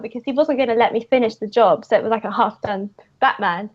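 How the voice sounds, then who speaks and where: A woman's voice: a little high, fast. A woman, a guest comic creator, telling casual anecdotes with frequent giggles. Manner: giggly, lively storyteller. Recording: muffled lo-fi audio.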